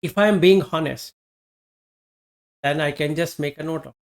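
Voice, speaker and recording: This Dhamma teacher's mid-range, creaky voice carries an informal Buddhist talk. Reflective and halting, the teacher raises rhetorical questions only to answer them.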